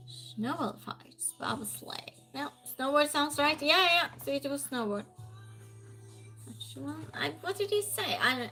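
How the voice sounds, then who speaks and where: A woman's voice: sits high, bright, forceful tone. A woman hosting a live trivia stream, reading questions aloud and chatting with viewers.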